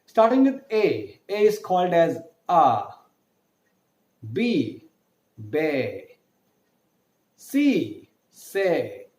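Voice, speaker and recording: A man's voice: fairly high pitch, mellow, reverberant. A man teaching a recorded French lesson to school students, chatty, calling his viewers guys and going through recaps and lists.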